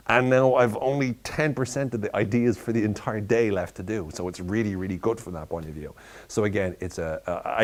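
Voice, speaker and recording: Playful self-help speaker, male, lowish voice, deadpan joking with lively asides. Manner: playful, deadpan mock advice with laughs; animated, voices and pitch jumps in quoted asides. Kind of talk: tongue-in-cheek motivational talk.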